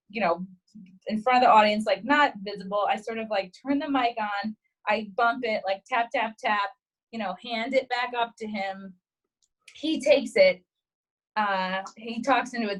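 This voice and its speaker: Poor audio captures a young adult guest comedian telling a story during casual podcast chat. Her voice is a little high, and she's animated, swearing freely as she acts out quotes.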